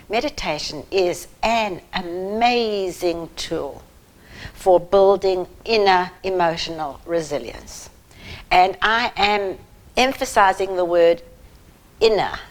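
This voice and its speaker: A woman speaking directly to parents, giving earnest, emphatic advice about children's anxiety. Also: fairly low pitch. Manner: earnest, emphatic, slow and deliberate. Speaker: parenting advisor. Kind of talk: direct-to-camera advice talk.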